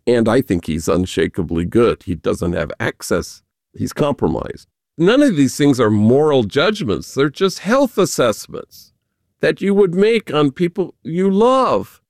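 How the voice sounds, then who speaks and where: A man who is a Jesuit priest, talking earnestly with gentle humor as an interview guest and telling stories. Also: medium pitch, lively intonation, measured pace, creaky, no room sound, studio quality. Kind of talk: conversational storytelling interview.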